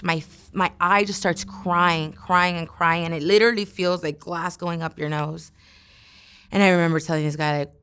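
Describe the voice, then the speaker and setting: Smooth-voiced young woman telling her story. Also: lowish voice, fairly bright tone. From Los Angeles area. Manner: casual, profane, heavy use of "like". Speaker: interviewee. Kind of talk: candid personal storytelling.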